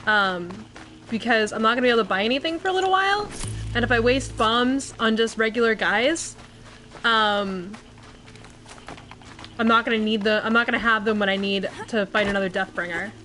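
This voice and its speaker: A woman's voice: fairly high pitch, moderate pace, bright, forceful tone. A woman streaming a video game, chatting casually with viewers, grumbling and swearing often. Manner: frequent swearing, grumbling asides. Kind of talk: casual gameplay commentary. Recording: game music playing behind voice.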